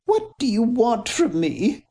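A woman's voice: fairly high pitch, huge pitch swings, takes it slowly, mellow, voice pushed up, full character voice. A narrator voicing a frightened but defiant young aristocratic woman with a quavering, indignant voice.

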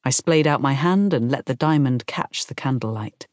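A woman reading a first-person novel aloud in a calm, measured storytelling manner. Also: extremely low pitch, no room sound, studio quality. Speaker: audiobook narrator. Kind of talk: scripted first-person narration.

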